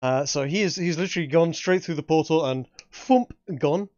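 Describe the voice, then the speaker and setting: A man's voice: on the high side, moderate pace, a little mellow, dry recording, lo-fi sound. A man narrating a tabletop game as game master, often stumbling and repeating words.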